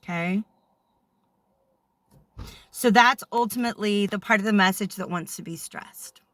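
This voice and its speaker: A woman's voice: medium pitch, a little slow, a bit bright, no room sound. A woman giving a casual spiritual talk as a channeler, telling stories and checking in often with "okay?".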